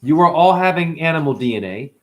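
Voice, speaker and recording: A man's voice: a little high, lively intonation, a little fast. A middle-aged man hosting a spiritual livestream, ranting in a profane, preachy way and answering his chat.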